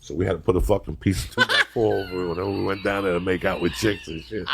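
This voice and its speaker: This middle-aged podcast host has a low, gravelly voice and talks fast over a noisy background. He spins rambling, profane stories and laughs often along the way.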